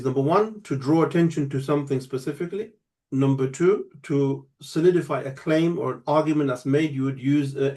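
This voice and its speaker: This Arabic teacher has a fairly high, slightly mellow voice. He gives an online grammar lesson, explaining things patiently step by step and checking in with his student.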